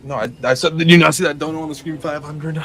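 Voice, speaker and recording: A man joining the stream, bantering and laughing loudly from away from the mic. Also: a little high, steady tone, fast talker.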